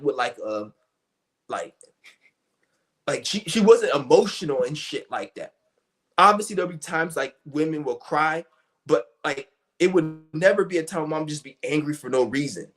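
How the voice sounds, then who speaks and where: A young man streaming a loose, profane rant, his voice sitting a little high for a man. He restarts sentences constantly and piles on fillers as he circles his point. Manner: blunt, profane, rambling with many restarts and fillers. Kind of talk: ranting monologue.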